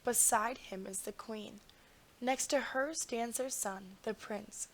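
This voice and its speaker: Wise young storybook brother, careful and measured, read by a woman. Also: a little high, slight background noise. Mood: explaining.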